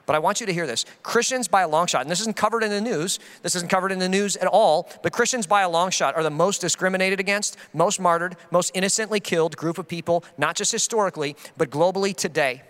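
High, bright-voiced man preaching passionately. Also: big-room sound. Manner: passionate and emphatic, acting out quoted voices. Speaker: pastor. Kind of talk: sermon.

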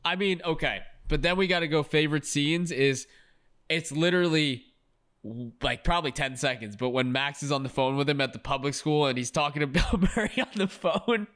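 A man's voice: on the high side, brisk, fairly bright tone, clean tone. A man co-hosting a podcast in casual chat, quoting movie lines in playful voices and laughing often. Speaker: podcast co-host.

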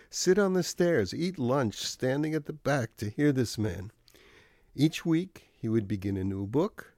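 A man reading his own scripted radio commentary in a dry, wry, measured way. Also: medium pitch, a little mellow, no room sound.

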